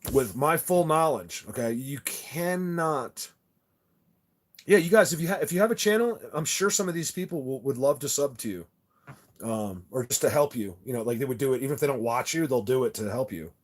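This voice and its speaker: A man's voice: mid-range voice, animated, brisk. A man hosting a casual livestream chat, rambling and insistent, with many restarts and repeated words as he talks to his viewers. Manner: earnest and insistent. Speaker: channel host talking to live chat viewers.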